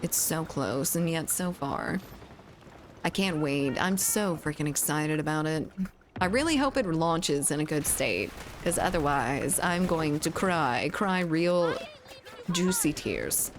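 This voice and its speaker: Speaking slowly in a deep voice with lively intonation, a woman plays a shooter game on stream over a little hiss or hum. She's chatty, reads her viewers' messages out loud, and laughs a lot.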